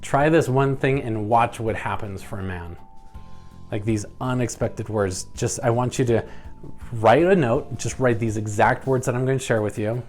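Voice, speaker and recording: A young man coaching women viewers on relationships, talking earnestly and acting out his own reactions in lively quoted voices. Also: fairly low pitch. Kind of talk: advice talk to camera.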